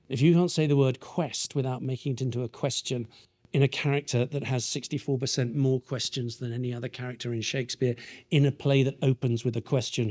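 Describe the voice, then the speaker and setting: Brief: British male teacher running a lively, playful drama workshop with lots of audience questions. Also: mid-range voice, fairly quick. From Britain. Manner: animated, playful, taps out verse rhythms aloud. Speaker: workshop leader.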